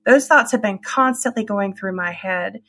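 A woman's voice: mid-range voice, moderate pace, fairly bright tone. A middle-aged woman hosting a faith-based podcast, talking in an emphatic, affirming way. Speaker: podcast host.

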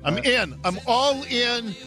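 A man in his fifties hosting a radio talk show, excitable and joking. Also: extremely high pitch, takes it slowly, faint music behind. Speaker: radio host.

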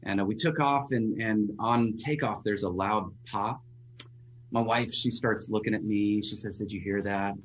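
A man, a pastor, telling a personal story as a radio guest in an earnest, halting way with frequent restarts. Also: on the low side, a little hiss or hum.

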